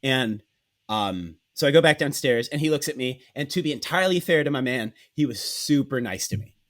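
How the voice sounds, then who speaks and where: A man hosting a podcast, telling a comic story in a profane, animated way and acting out the dialogue. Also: mid-range voice, brisk. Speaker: podcast host.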